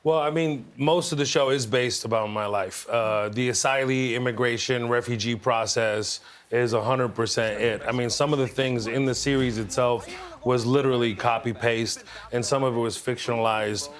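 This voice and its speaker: A man from the United States, a comedian guesting on a talk show, answering with quick, playful banter. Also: medium pitch, fairly even intonation.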